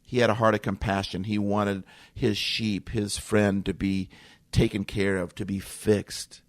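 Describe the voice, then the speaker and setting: A middle-aged man hosts a reflective solo podcast with music playing underneath, speaking earnestly and emotionally and circling back to the same phrases. His voice is on the low side, level, and unhurried, with no room sound.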